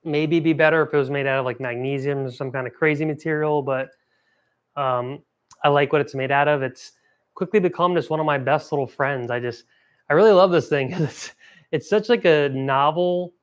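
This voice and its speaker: A man's voice: fairly high pitch, normal speed. A young man hosting a casual product review vlog, talking with rambling enthusiasm and correcting himself as he goes. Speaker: host.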